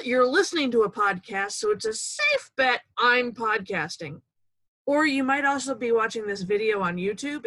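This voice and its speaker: A woman's voice: a little high, a bit bright, no echo, poor audio. Upbeat woman hosting a motivational podcast. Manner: upbeat and playful. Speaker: podcast host.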